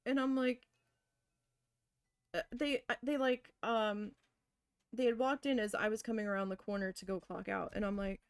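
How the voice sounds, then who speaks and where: A woman's voice: medium pitch, fairly even intonation, moderate pace, pauses often, clean tone, no echo, clean studio sound. A woman casually telling a long personal story while crafting, chatty, with many fillers, acting out what she and others said. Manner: chatty, lots of fillers, quotes herself animatedly. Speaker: crafting vlogger.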